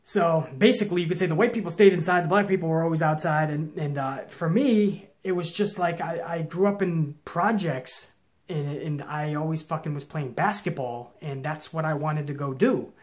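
A young man hosting his own show, telling a long story to viewers in a casual, profane, intense way that swings from low mutters to loud challenges. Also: normal speed. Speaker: show host.

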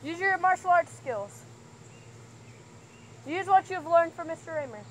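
A woman's voice: very high voice, animated, a little slow, noisy background. A young woman vlogging at home in a casual, playful, teasing way. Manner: playful, teasing trash talk. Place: house, indoors and outside.

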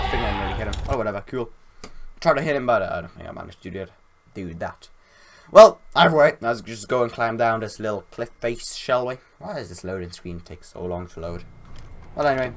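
A man giving let's-play commentary while gaming, excitable and often shouting at the game. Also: on the low side, background noise. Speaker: gameplay commentator.

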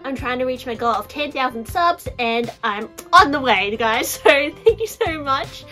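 A chatty young woman talking casually to camera about her handbags. Her voice sits a little high, and she leans on "like" and "guys" all the time. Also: lively intonation, moderate pace, bright, forceful tone, soft background music. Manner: chatty, fills talk with "like" and "guys". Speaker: handbag vlogger.

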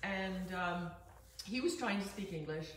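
A woman with a lowish voice chats and tells a funny story as co-host. She sounds set back from the mic in a very echoey room, with noise behind her. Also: unhurried, distant mic. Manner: chatty, tells a comic anecdote. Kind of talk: casual interview chat.

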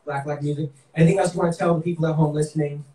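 A man's voice: a little high, steady tone, rapid-fire, dark tone, echoey room, distant mic, low-quality recording. A man with a Boston accent hosting a live-streamed game show, hyped up and talking straight to viewers. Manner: upbeat, hyped, talks to viewers.

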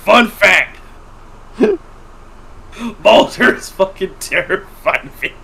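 Gravelly, animated man telling crude stories. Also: sits high, slow pace, rough recording. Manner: crude, profane, laughs often while telling stories. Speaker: podcast host. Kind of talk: casual storytelling chat.

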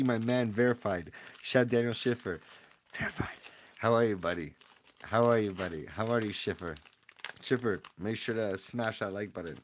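A young man hosts a livestream from his room at home, his voice sitting a little low. He keeps up relaxed, slangy chatter with his viewers. Every so often he breaks from quiet mumbling into a sudden loud yell. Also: moderate pace. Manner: laid-back slangy banter with chat. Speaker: livestream host opening card packs. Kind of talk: casual livestream chat.

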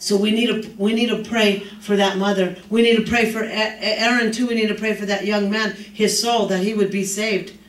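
A man preaching a sermon with impassioned, repetitive phrasing that rises into shouts. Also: sits high, steady tone, moderate pace, hardly any pauses. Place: church sanctuary. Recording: echoey church from far off.

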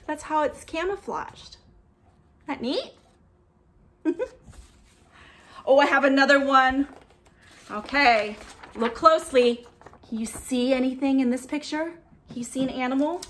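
A young woman with a high voice leads a storytime for small children. She talks slowly and gently, gasping in delight and coaxing answers with sing-song prompts. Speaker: children's museum storytime presenter.

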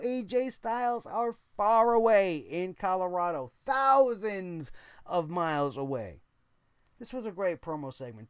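A man's voice: high-pitched, smooth, no room sound, clean studio sound. A man hosting a wrestling review show, giving blunt, opinionated commentary with casual swearing.

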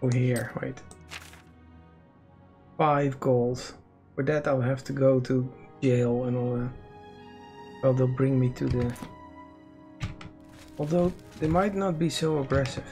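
A man's voice: medium pitch, fairly even intonation, slow pace, pauses often, darkish tone, soft background music. A man giving casual commentary while playing a game, muttering to himself with wry remarks and the odd swear. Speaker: let's play host.

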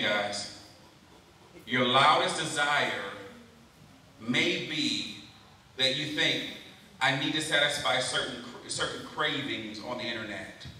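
Bright-voiced man preaching in an echoey hall. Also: high-pitched, slight background noise. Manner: lively, calls out questions to the crowd. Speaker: camp speaker. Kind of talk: youth sermon. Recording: very echoey hall, mic far off.

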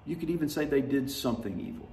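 Pastor, male, folksy conversational sermon delivery, mid-pitched, recorded at a distance in an echoey church. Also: lively intonation, fast, gravelly, a little mellow, slight background noise. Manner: conversational, folksy storytelling preaching with laughter. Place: church sanctuary. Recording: roomy, distant church mic.

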